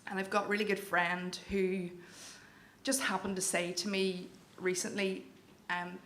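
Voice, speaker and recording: A woman's voice: mid-range voice, flat delivery, a little slow, fairly bright tone. A young woman from County Down with a Northern Irish accent, telling a personal story to a live audience in a candid, wry way. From Northern Ireland, County Down. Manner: candid, self-deprecating, wry. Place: event venue with audience. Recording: echoey hall with faint room noise.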